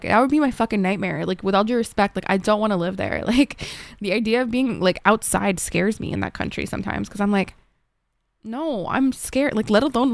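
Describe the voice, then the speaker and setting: A woman's voice: medium pitch, creaky, no echo. A young woman from Egypt, a streamer chatting casually with viewers from her desk at home, filling her talk with "like" and swearing freely. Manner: chatty, lots of "like", frequent swearing. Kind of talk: casual chat answering viewers.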